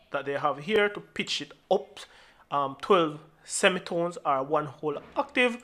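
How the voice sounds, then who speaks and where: A man talks through his mixing session in a bright, somewhat high voice. He explains step by step in a loose, relaxed way, often stumbling over and repeating small words before he carries on. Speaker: music producer teaching mixing. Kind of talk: screen-recorded tutorial walkthrough.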